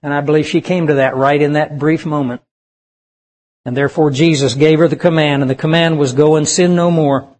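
A man's voice: a little high, fairly even intonation, a little fast, a little mellow. A man preaching a sermon to young people, emphatic and asking the audience questions. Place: church service with audience.

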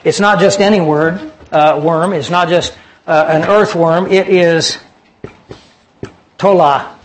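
A man preaching a sermon, earnestly explaining scripture and dropping his voice low for personal stories. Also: fairly even intonation, a little slow, slight background noise, poor audio. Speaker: pastor.

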